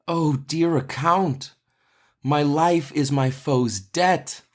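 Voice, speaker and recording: A man reading the lines of a lovesick young nobleman from an old stage play, slowly and plainly. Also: a little high, pitched above the performer's own voice.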